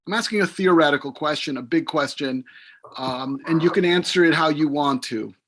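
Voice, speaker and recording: A man's voice: a little high, normal speed, a bit bright, slight background noise. A man hosting an author interview, introducing his guest and asking long, rambling questions with many fillers. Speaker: interviewer and professor.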